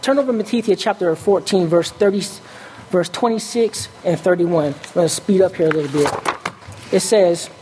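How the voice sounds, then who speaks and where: A preacher giving a sermon who reads scripture aloud, stops often to check with the congregation, and corrects his own slips out loud. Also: medium pitch, normal speed, slight background noise.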